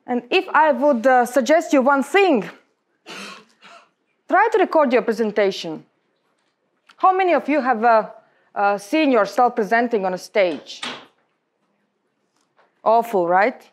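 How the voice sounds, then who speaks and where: A young adult woman with a Latvian accent, giving a lecture on public speaking to a room of colleagues in emphatic, halting non-native English. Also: on the high side, animated. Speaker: guest speaker.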